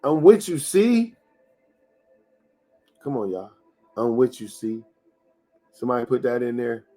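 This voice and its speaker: A man's voice: medium pitch, sing-song, measured pace, mellow, soft background music. A man hosting a live-streamed motivational talk. He repeats his lines and speaks straight to the viewers, over and over. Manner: preachy and repetitive, talks straight to viewers.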